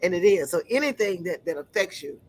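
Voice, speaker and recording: A woman giving an earnest personal testimony, often pausing to search for words. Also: lowish voice, expressive, darkish tone, slight background noise, poor audio.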